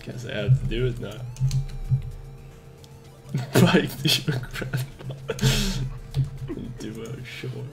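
A man's voice: medium pitch, animated, takes it slowly, gravelly, long pauses, soft background music. A man casually talking through his game development work, laughing often and trading jokes with a colleague. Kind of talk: casual banter while working.

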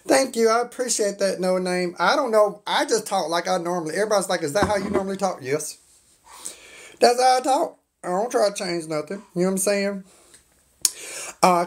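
A woman, chatting on a phone live stream and greeting viewers by name. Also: mid-range voice. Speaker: livestream host. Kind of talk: casual live stream chat. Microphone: phone on a stand.

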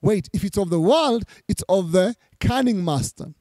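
A male pastor preaching a sermon, his voice pitched high but mellow in tone. He reads scripture passages and goes back over key lines for emphasis, in a dry, close recording. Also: lively intonation, moderate pace, dry recording.

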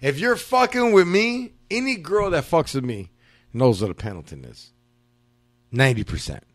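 A man's voice: a little high, sing-song, moderate pace, no echo. A man hosting a podcast, telling profane, slang-heavy stories in casual chat. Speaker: podcast host.

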